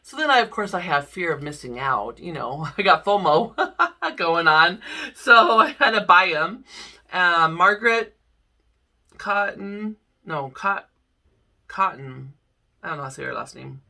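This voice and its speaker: A woman's voice: on the low side, very animated, normal speed, creaky, sharp tone, recorded from a distance. A middle-aged woman chatting casually to camera about her cross-stitch projects, rambling and laughing often. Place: home room.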